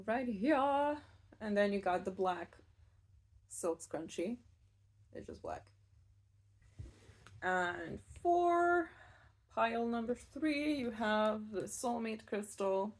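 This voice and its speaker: A woman giving a casual pick-a-card tarot reading, chatty and rambling, with soft laughs and fillers. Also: a little high, expressive, slow pace, long pauses. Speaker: tarot reader.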